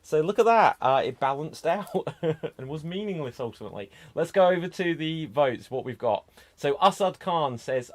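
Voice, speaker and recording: A man's voice: fairly high pitch, lively intonation, normal speed. A man hosting an online improv show, upbeat and teasing as he introduces scenes and reads out votes.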